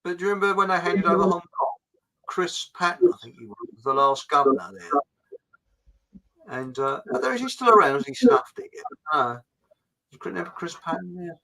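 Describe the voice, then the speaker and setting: A middle-aged man with a fairly high, bright, forceful voice hosts a loose live chat. He rambles and jokes, reading out viewer comments between asides. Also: animated, fairly quick, vocal fry, poor audio. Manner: jokey and rambling, with frequent fillers. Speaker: host of a live online chat show.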